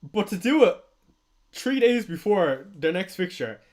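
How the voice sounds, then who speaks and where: A young Irish man chats on a live stream in a fairly high voice. He talks casually and excitably, swears freely and laughs often. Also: a little slow. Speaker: fantasy football streamer. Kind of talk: casual livestream commentary.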